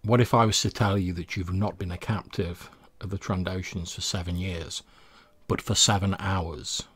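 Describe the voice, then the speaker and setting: Casting: a man doing a gentle, soft-spoken scarred old sage in a tabletop role-play, low husky voice. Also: steady tone, moderate pace, no echo.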